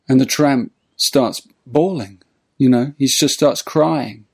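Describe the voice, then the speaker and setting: A man, a spiritual teacher, telling a story in a relaxed, meandering way with frequent restarts. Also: medium pitch, takes it slowly, slightly rough. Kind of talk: storytelling talk.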